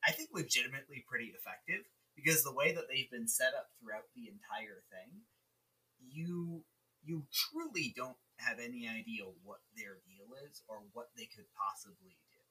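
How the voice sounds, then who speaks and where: A man's voice: medium pitch, lively intonation, normal speed, sharp tone, far from the mic, poor audio. A male podcast co-host in casual, profane, jokey movie-review chat. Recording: voice slightly off-mic.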